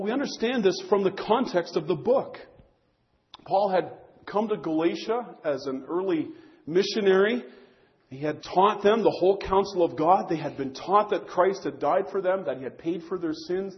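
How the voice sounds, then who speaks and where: High-pitched guy preaching a sermon, earnest, repeats himself a lot, muffled lo-fi recording. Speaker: pastor.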